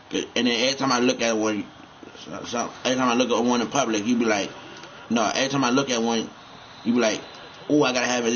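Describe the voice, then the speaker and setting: A man's voice: mid-range voice, a bit bright, highs cut off, slight background noise. A man rambling and cursing as he comments on a game he is playing, often repeating himself. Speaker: gamer.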